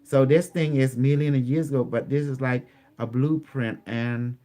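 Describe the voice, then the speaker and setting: The voice is medium-pitched, steady, and dark. He's a guest in an interview, going back over a personal experience in English, and his telling is halting and repetitive, full of restarts.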